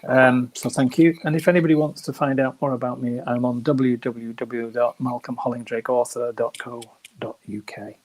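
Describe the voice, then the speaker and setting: Middle-aged man, crime author, soothing husky voice, gentle rambling chat. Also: mid-range voice, fairly even intonation, moderate pace, few pauses, low-quality recording. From Yorkshire. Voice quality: soft, soothing voice, never shouts. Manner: chatty, wandering, self-mocking. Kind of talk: casual online interview.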